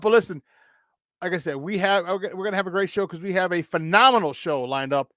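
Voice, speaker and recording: A high-pitched man hosts a morning sports talk show, full of hype and playful energy. His voice is dry and close, with no room sound around it. He talks loud and plays around with the audience. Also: fairly quick, no echo.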